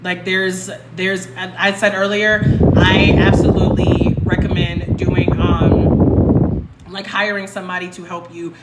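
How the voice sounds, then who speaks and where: A young woman hosts a casual phone livestream Q&A. She talks loud and passionate and swears freely. The room is echoey, and a loud hum of noise sits behind her. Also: lowish voice, flat delivery, a little slow. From North Carolina, US. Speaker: livestream host.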